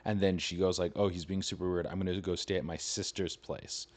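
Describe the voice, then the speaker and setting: A man's voice: sits low, steady tone, fairly quick, darkish tone. A young man hosting a podcast, retelling an online story in a casual, profane, rambling way and scoffing that it is fake. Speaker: comedian podcast host.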